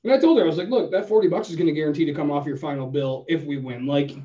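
A man co-hosting a podcast, telling a story in a casual, animated way and acting out both sides of the conversation. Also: fairly high pitch, rapid-fire. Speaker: podcast co-host. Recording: roomy, distant, dull sound.

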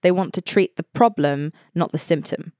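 Frank woman, 30s, lower register, dry studio sound. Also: a little mellow, no echo. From England. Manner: frank, brisk, swears casually. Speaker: guest. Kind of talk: casual podcast chat.

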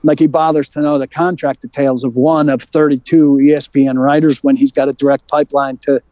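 A man telling a story on a sports talk show, animated and worked up, with quick restarts. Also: medium pitch, no room sound, lo-fi sound. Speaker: sports reporter and show regular. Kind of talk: casual sports radio talk.

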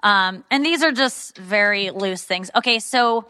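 A woman's voice: medium pitch, measured pace, bright, forceful tone, smooth. A woman comedian in casual podcast talk, chatty and self-deprecating, often restarting her sentences. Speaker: comedian guest.

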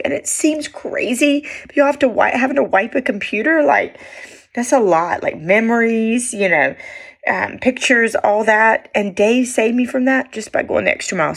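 A woman's voice: fairly high pitch, normal speed, creaky, breathy edge, no room sound, clean studio sound. A woman chatting casually to camera, telling stories with many fillers and restarts. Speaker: vlogger sharing daily stories.

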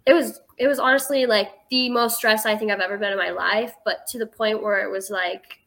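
Bright-voiced eighteen-year-old woman. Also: medium pitch, steady tone, brisk. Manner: chatty, fills speech with "like". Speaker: guest. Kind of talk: casual storytelling.

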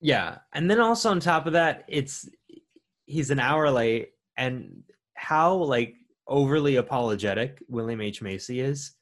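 A man's voice: mid-range voice, expressive, unhurried. A man co-hosting a podcast, chatting loosely about a film with restarts and filler words. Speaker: podcast co-host. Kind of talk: casual chat about a film.

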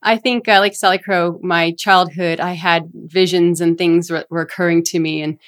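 A middle-aged woman telling a personal story in a casual conversation, animated and acting out quoted voices. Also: on the low side, moderate pace. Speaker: guest, shaman.

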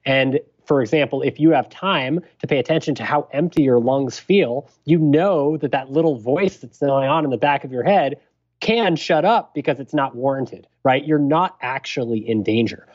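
A man, a physician and podcast guest, explaining a breathing technique in a measured, thoughtful way. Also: medium pitch, darkish tone, highs cut off. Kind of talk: explanatory interview talk.

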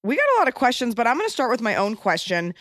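A woman's voice: on the high side, big pitch swings, rapid-fire, a bit bright, no echo, studio quality. A woman hosting an interview, with a gushing, giggly and candid way of talking. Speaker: podcast host. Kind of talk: casual interview chat.

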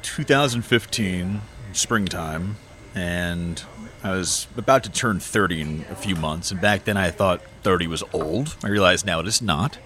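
A man in his thirties with a fairly low voice tells a personal story. He is earnest and reflective, speeding up in bursts as he recalls things. He speaks as a guest in a casual interview. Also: unhurried, sharp tone. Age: 30s. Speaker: author, guest. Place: bar.

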